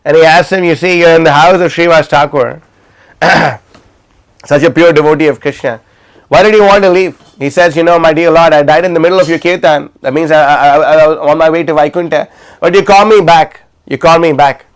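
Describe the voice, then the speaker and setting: A man's voice: on the high side, fairly even intonation, brisk, clean tone. A man telling stories in a class, speaking casually with many fillers and restarts. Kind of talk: storytelling class talk. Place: livestreamed class.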